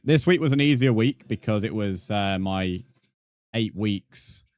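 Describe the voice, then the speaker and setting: A man's voice: lowish voice, measured pace, darkish tone, no echo. A young man streaming a game, casually reading out and answering his chat with frequent laughs. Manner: chatty, reads and answers chat messages, laughs often.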